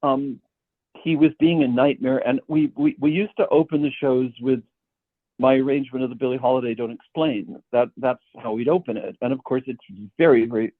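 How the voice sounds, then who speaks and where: A man's voice: medium pitch, steady tone, brisk, no echo. Stammering male storyteller on a tinny line. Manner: stammering, repeats words when starting sentences. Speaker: guest composer. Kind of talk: anecdotal storytelling.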